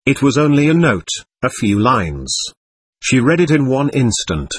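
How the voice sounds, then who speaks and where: A man narrating a classic novel aloud with a dramatic, expressive reading. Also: mid-range voice, a little slow, slightly rough, dry recording. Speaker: audiobook narrator.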